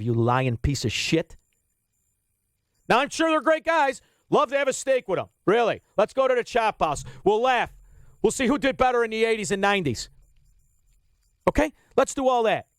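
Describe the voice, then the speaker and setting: A man's voice: sits high, no echo, studio quality. A middle-aged man hosting a radio talk show, ranting bluntly and combatively with plenty of swearing. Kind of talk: opinionated talk radio monologue. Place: radio studio.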